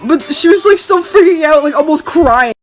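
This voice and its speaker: A woman with a very high voice tells a funny party story. She sounds giggly and breathless, rushing through the quoted lines. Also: lively intonation, soft background music, poor audio. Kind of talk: casual storytime.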